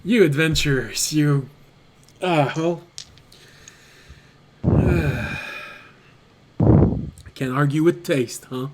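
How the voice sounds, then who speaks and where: A man's voice: a little high, very noisy. A man voicing a groggy, flustered male innkeeper who stumbles over his words. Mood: sly. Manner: hesitant, halting with many ums.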